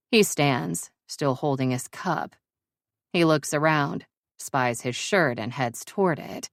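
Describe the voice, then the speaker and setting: A woman narrating a first-person romance audiobook in a wry, even-toned storytelling manner. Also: low-pitched, slow, no echo, studio quality.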